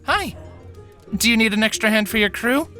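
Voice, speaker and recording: A young female elf adventurer, eager and self-assured, speaks in a high, lively voice that springs up and down. A man voices her in a fantasy story reading. She sounds crisp and bright. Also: moderate pace, faint music behind. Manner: confident and upbeat.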